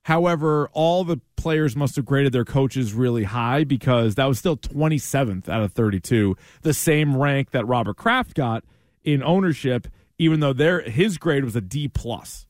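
A man co-hosting casual sports radio chat, animated and laughing often as he acts out players' reactions. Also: medium pitch, moderate pace, no room sound, studio quality. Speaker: sports talk co-host.

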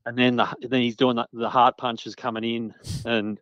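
A man's voice: mid-range voice, flat delivery, normal speed, fairly bright tone, dry recording. A man as a guest recalling interviews, rambling with many restarts and fillers. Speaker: guest journalist. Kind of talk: casual interview chat. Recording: dull lo-fi sound.

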